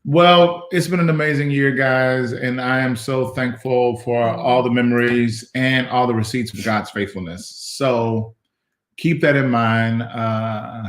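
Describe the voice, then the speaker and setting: Man, pastor hosting casual chat, teasing, playful, falsetto bursts, echoey room. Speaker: pastor and host.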